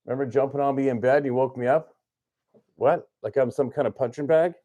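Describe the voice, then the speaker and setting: A man's voice: mid-range voice, steady tone, brisk, dark tone, dull audio. A man hosting a hunting channel, chatting casually on a livestream from a farmhouse, playful and teasing. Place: small farmhouse at Christmas.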